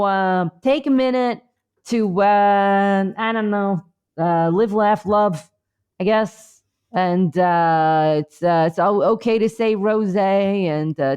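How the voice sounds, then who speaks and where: A woman's voice: medium pitch, a little mellow, clear, resonant tone. A woman co-hosting a comedy podcast remotely, rambling through a mock-earnest mindfulness bit with many fillers. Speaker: podcast co-host. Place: remote, on vacation.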